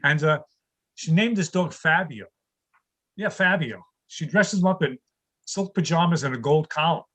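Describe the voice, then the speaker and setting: Over a video call, an older man with a high voice delivers a stand-up set of deadpan one-liners about home life, each one building to a punchline. He speaks at a moderate pace, and the recording quality is low.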